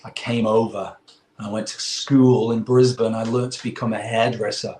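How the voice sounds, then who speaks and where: A man in his forties from England with an English accent, a guest in an interview, telling a long story in a rambling, animated way. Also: on the low side, moderate pace, echoey room, slight background noise. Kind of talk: casual chat.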